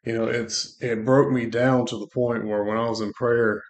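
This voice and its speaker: A man co-hosting a faith podcast, telling a personal testimony as a lively storyteller who acts out what people said. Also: medium pitch, moderate pace. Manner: lively storyteller acting out quoted dialogue. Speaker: co-host sharing a testimony.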